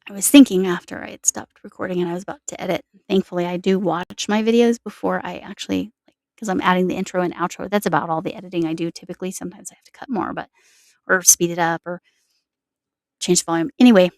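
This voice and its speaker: A woman's voice: lowish voice, steady tone, fast, gravelly, darkish tone, no room sound. A woman chatting to camera in a rambling, self-correcting way while showing snacks and yarn. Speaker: crochet vlogger. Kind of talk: casual chat to camera.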